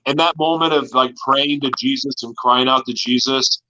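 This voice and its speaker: A man's voice: medium pitch, fairly even intonation, moderate pace, bright, forceful tone, dull audio, slight background noise. A man in an interview, telling his personal story in an earnest, confessional way. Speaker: guest.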